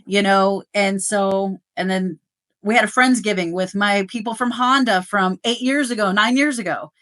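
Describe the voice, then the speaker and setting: Middle-aged woman, podcast guest; lively, story-driven delivery with frequent fillers. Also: medium pitch, moderate pace. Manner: animated storytelling, rising excitement, many fillers. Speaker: guest, dealership service manager. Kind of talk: casual interview chat.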